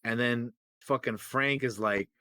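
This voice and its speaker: Recapping comics as a podcast co-host, this man rambles, swears, leans on fillers, and performs the quotes. His mid-range voice is bright, clear, resonant and forceful, fairly even in intonation and unhurried, recorded with no echo.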